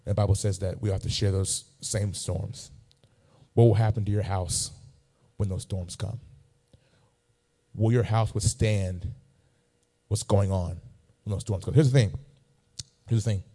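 Mellow-voiced preacher man, emphatic. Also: on the low side, level tone, measured pace, pauses often. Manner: emphatic, repeating phrases for effect. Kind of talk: sermon with personal storytelling.

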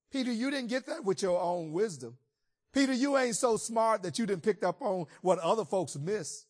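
A man's voice: high voice, animated, normal speed. A man preaching a sermon as a pastor, retelling scripture in a conversational, colloquial storytelling way.

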